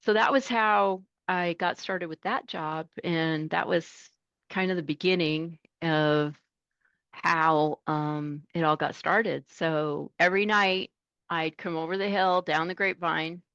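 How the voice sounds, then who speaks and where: A middle-aged woman tells her stories as a guest in a casual interview. She is animated and acts out the voices she quotes, in a lowish voice. The recording is dry and a bit dull. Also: a little slow, smooth, dry recording. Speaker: truck driver guest.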